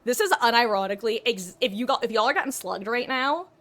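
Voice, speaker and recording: A woman's voice: fairly high pitch, lively intonation, fast talker, fairly bright tone. A woman chatting casually while she streams a game. She rambles and swears freely. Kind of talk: casual chat while gaming.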